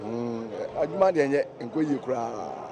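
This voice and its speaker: A Ghanaian man selling goods at a busy outdoor station, sounding weary as he complains about slow trade. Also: medium pitch, animated, a crowd in the background. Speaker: trader interviewee.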